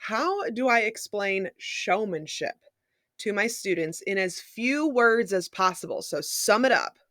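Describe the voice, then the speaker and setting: A woman's voice: medium pitch, expressive, unhurried, fairly bright tone, no room sound, clean studio sound. A woman co-hosting a casual podcast, a marching arts instructor who chats and says "like" often. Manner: chatty, says 'like' often.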